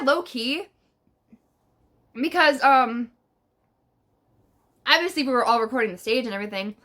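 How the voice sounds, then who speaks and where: Woman, new york accent, storytime vlog, high voice, slangy and swearing a lot. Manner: animated, profane, slangy storytelling. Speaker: vlogger. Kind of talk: casual storytime.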